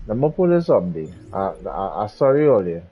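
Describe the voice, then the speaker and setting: A man's voice: lowish voice, sing-song, brisk, breathy edge, lo-fi sound. A man hosting a gaming channel, giving laid-back commentary while he drives, muttering and repeating himself. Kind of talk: casual gameplay commentary.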